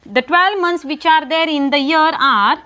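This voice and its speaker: A woman teaching a children's lesson, repeating words slowly and asking and answering her own questions. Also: high-pitched, sharp tone. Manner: repetitive, asks and answers her own questions, stresses pronunciation. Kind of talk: online English lesson for young children.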